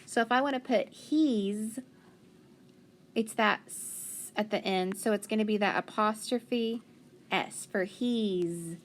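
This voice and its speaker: A woman teaching a phonics lesson to young children, patient and encouraging, sounding words out slowly. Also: mid-range voice, slight background noise.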